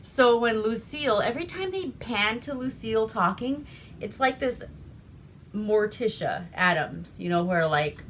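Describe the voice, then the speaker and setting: A woman's voice: a little high, lively intonation, measured pace, a little hiss or hum. A woman from Alaska recapping an old movie in a rambling, foul-mouthed, laughing way. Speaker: movie reviewer. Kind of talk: casual profane movie recap.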